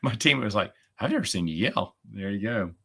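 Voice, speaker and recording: A middle-aged man in casual chat, a podcast host who talks in a sarcastic, chatty way and gets animated when retelling a story. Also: on the low side, fairly quick, creaky, slightly rough.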